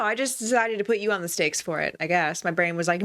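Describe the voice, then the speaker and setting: A woman's voice: lowish voice, quick pace, fairly bright tone. A woman streamer reacting to a documentary, making sarcastic jokes and asides in a casual chat style. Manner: sarcastic, joking asides with laughs.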